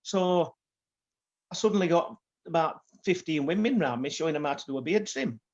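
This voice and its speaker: A man's voice: fairly high pitch, animated, normal speed, a little mellow. Older man, rambling anecdotes. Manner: rambling anecdotes with many fillers. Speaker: guest barber. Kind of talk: casual storytelling. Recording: dull lo-fi sound.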